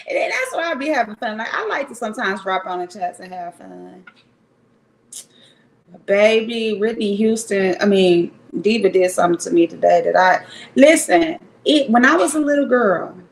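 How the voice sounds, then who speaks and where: A woman's gravelly, mid-range, expressive voice comes at a moderate pace through poor audio with a little hiss or hum. Streaming live from her Cleveland home on a home setup, she chats casually and frankly with viewers, rambling and swearing every so often.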